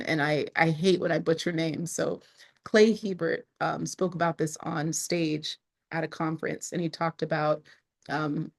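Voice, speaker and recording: Female vlogger, fairly low voice, chatty and self-interrupting, laughs a lot. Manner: chatty, laughs often, many restarts. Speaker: online creator and speaker. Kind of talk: casual talking-to-camera vlog.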